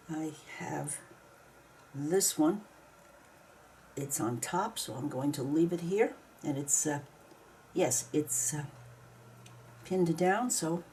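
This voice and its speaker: Slow, low-voiced woman narrating her crafting. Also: dark tone, a little hiss or hum. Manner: chatty, mildly grumbling, talks herself through each step. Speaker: craft video maker. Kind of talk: casual narration while crafting.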